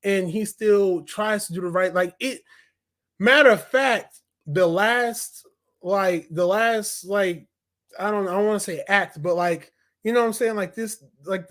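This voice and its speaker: Guy with a high voice chatting about a movie he loved, super animated, lots of slang. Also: a little slow. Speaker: movie reviewer. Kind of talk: casual spoken review.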